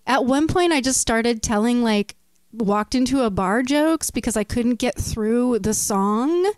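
A woman's voice: on the high side, clean tone, dry recording. Chatty woman musician, dry close sound. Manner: chatty, laughs often, fillers and restarts. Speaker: musician guest. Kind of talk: casual interview chat.

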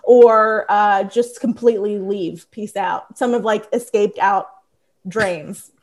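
A woman in her thirties with a Philadelphia accent, a squid biologist telling stories in a casual podcast chat, lively and full of "like" fillers. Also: mid-range voice, slow pace. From Philadelphia area.

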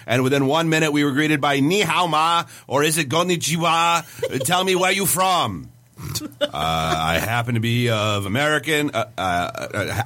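A man's voice: fairly high pitch, bright, forceful tone. A man reading out a complaint in a put-on Boston accent, voicing an indignant male reviewer in a stiff, mock-formal way.

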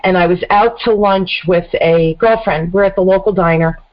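A middle-aged woman hosting a radio talk show, telling a story in a casual, animated way. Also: fairly low pitch, moderate pace. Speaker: host. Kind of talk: casual chat. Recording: dull lo-fi radio audio.

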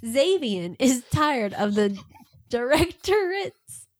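A woman's voice: high-pitched, sing-song, slow pace, no echo. A woman co-hosting a podcast in casual chat, giggling often and fighting a cold. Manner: giggly, laughs often between lines. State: has a cold. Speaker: podcast co-host. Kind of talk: casual chat about audiobooks.

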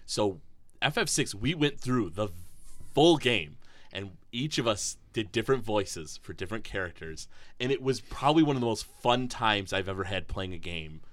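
A man telling a story on a podcast, halting with many fillers. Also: fairly low pitch, lively intonation, fairly bright tone, no room sound. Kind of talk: casual chat.

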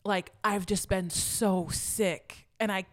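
A woman's voice: medium pitch, steady tone, slow. A young woman co-hosting a podcast, telling a long emotional story in casual chat with lots of fillers and restarts. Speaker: podcast co-host.

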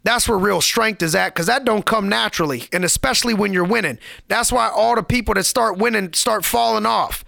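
A man's voice: sits high, brisk, gravelly, few pauses, bright, forceful tone, no echo, clean studio sound. A man giving a motivational podcast monologue, preachy and emphatic, repeating lines for effect in casual street slang.

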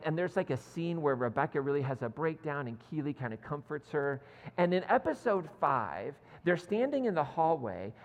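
A male pastor delivering a sermon in animated storytelling mode, with self-deprecating asides. His pitch moves widely and expressively. The voice carries a long reverb from a church sanctuary. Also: lo-fi sound.

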